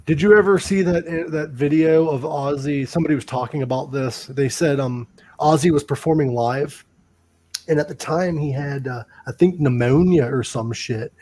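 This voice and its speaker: Swearing, animated male podcast host. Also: fairly high pitch, normal speed. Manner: animated storytelling, heavy swearing. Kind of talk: casual chat.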